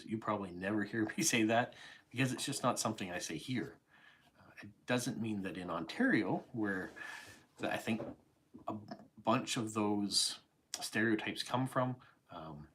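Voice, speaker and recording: Answering viewer comments on his live stream, this channel host wanders conversationally, with plenty of fillers and side remarks. He's a Canadian in his forties whose accent carries a slight English tinge, and his voice is on the low side, a bit bright and slightly rough.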